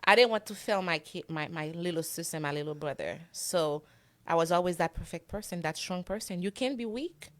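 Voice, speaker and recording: A woman's voice: fairly low pitch, a little fast. A middle-aged woman from Haiti, a guest in a conversational interview, talking earnestly about her upbringing.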